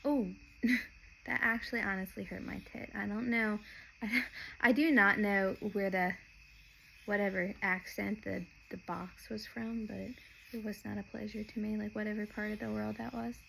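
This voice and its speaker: A woman's voice: mid-range voice, fairly even intonation, moderate pace, creaky, a bit bright, a little hiss or hum, low-quality recording. A young woman from Nashville, talking in a rambling, chatty podcast monologue that often breaks off and restarts mid-sentence. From Nashville, Tennessee. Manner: chatty, meandering, self-interrupting. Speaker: podcast host.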